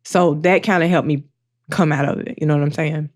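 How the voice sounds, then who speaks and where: A woman's voice: low-pitched, fairly even intonation, darkish tone, slight background noise. Emotional woman opening up on a podcast. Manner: emotional, open, slow and halting. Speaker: podcast co-host. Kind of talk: candid personal talk.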